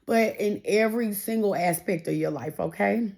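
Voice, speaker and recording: Her voice sits mid-range, gravelly and a bit mellow, at a normal speed. The woman, a tarot reader, gives her viewers an informal reading, cheering them on and repeating phrases, while her emotions rise.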